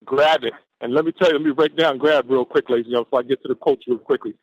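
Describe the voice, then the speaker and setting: A fired-up man delivering a motivational pep talk on a team call, his cadence that of a preacher, drawing out the words he wants to land. His voice sits at an ordinary male pitch. The audio is dry, dull and lo-fi, like a conference line. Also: steady tone, dry recording. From Atlanta, Georgia, USA. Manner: exuberant, preacher-like, stretches key words slowly.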